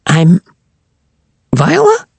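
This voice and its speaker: A man reading aloud and voicing a nervous young orphan girl with a hesitant, squeaky manner. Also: wildly swooping pitch, extremely slow, creaky, darkish tone, breathy edge, dry recording, exaggerated voice.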